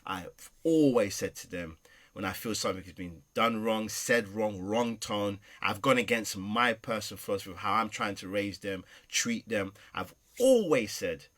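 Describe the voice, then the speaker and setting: A middle-aged man, a podcast guest, telling personal stories with passion, swinging between loud and soft. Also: on the low side, expressive, moderate pace. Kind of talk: emotional personal storytelling.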